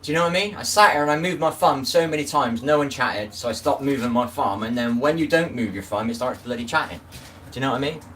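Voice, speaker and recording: A man's voice: mid-range voice, fast talker, a bit bright. A middle-aged man chatting casually on a live stream, rambling and greeting viewers by name. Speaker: livestream host. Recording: distant phone mic with noise.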